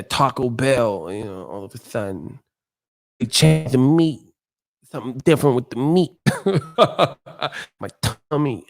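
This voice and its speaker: A man doing a whining boxing-legend impression. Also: medium pitch. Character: mock Mike Tyson, grown man whining about a stomachache. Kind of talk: comic impression on a live stream.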